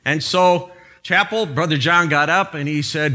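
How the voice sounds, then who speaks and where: A man's voice: on the high side, unhurried. A man preaching a sermon, opening in prayer and telling a humorous story before turning to the message. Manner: animated storytelling with prayer and jokes. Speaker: pastor.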